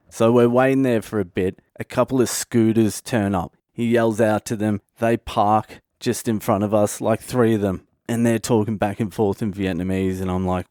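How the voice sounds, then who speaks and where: A man's voice: on the low side, steady tone, normal speed, hardly any pauses, mellow, no room sound, studio quality. A man in his thirties from Australia with an Australian accent, telling a comic story on his own podcast in a loose, profane way. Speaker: comedian podcast host.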